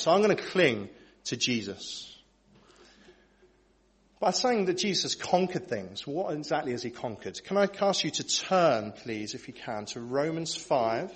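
A man in his thirties preaching a sermon at a church service, candid and animated as he tells personal stories. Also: fairly high pitch. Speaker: preacher and worship leader.

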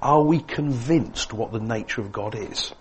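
A man preaching a sermon, swinging between emphatic lines and hushed, quiet ones. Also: medium pitch, a little slow, slight background noise.

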